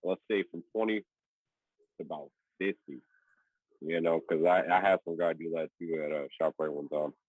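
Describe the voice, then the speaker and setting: A man in his twenties co-hosting a podcast, chatting casually in relaxed slang. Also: low voice, moderate pace, no echo, highs cut off. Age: 20s. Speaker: podcast co-host. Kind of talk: casual chat.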